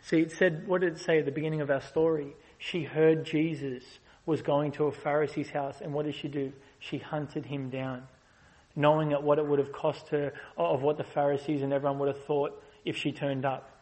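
A man preaching a sermon as a guest preacher, swinging between loud, passionate rises and soft, slow explanation. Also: on the high side, little pitch movement, low-quality recording.

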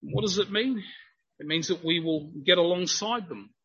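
A male preacher with a high, bright voice and a slightly husky edge delivers an earnest sermon. He builds to emphatic stretches as he explains his text. The recording sounds a little dull and lo-fi. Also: moderate pace. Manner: earnest, grows emphatic when quoting.

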